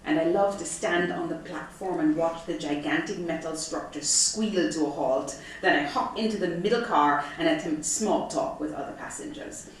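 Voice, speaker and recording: A middle-aged woman reading from her memoir to a live audience, expressive and profane with comic timing. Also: sits low, moderate pace, hardly any pauses. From Jamaica. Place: arts center event hall, audience present. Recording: echoey hall from far off, faint noise.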